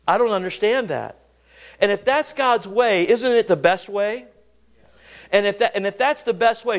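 Male preacher with a high-pitched voice, earnest, sermon cadence full of restarts. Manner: earnest, repeats and restarts words, rises and drops pitch for emphasis.

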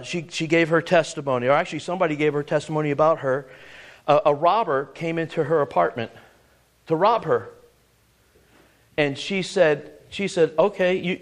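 A man preaching a sermon, repeating words as he builds to emphatic points and reading scripture aloud in old-fashioned wording. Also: a little high.

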